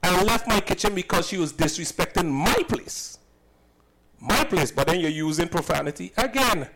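A man's voice: high-pitched, animated, normal speed, over a noisy crowd, poor audio. A man from Saint Kitts, a cook and business owner, recounting a personal incident in an emphatic, indignant way and often repeating himself.

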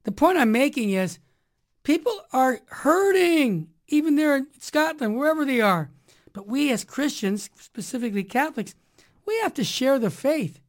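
A woman hosting a Catholic talk radio show, speaking emphatically in an energetic, preachy monologue. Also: high voice, moderate pace. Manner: emphatic, preachy, energetic, swinging loud and soft. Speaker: radio host.

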